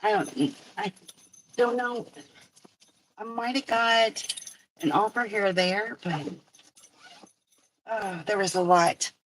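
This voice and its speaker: A woman's voice: mid-range voice, slow, long pauses. An older woman from Kentucky with a country accent, chatting in a rambling, self-deprecating way while she drives for deliveries and streams live. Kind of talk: casual chat. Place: in a car while driving. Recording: distant phone mic with faint road noise.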